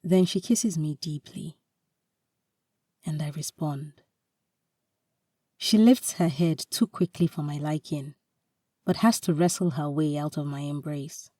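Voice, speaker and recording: A woman reads a romantic story aloud with calm, measured narration. Her voice is low and mellow, and her pace is slow. The recording is dry, with the mic set a little away from her. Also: dry recording, far from the mic. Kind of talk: reading a romantic short story.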